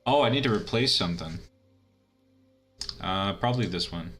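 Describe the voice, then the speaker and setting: A man's voice: lowish voice, expressive, moderate pace, fairly bright tone, soft background music. A man giving casual, rambling commentary while playing a video game, chatty and laughing at his own asides. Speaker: let's-play gamer.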